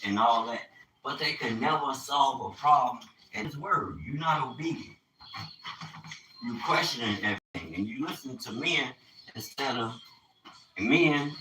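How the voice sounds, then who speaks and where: A man's voice: medium pitch, bright, forceful tone, slight background noise. A man delivering a profane, preachy, emphatic unscripted monologue. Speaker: vlogger. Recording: echoey room.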